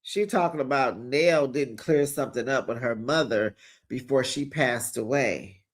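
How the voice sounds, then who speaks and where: A man giving a sassy, animated recap of a reality show, talking straight to his viewers. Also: medium pitch. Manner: acts out the cast's lines in quick bits. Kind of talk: casual recap commentary.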